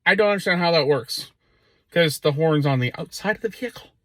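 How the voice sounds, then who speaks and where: A man, a rideshare driver, telling a story in a casual vlog, expressive and exasperated, acting out the dialogue himself. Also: on the high side, a little fast, no room sound, low-quality recording. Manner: expressive, exasperated, acts out dialogue in his own voice.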